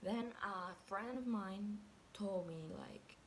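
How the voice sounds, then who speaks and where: A woman's voice: medium pitch, takes it slowly, a little hiss or hum. Woman, profane storyteller. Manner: chatty and profane, packed with "like", acts out quotes. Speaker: vlogger. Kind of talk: casual storytelling.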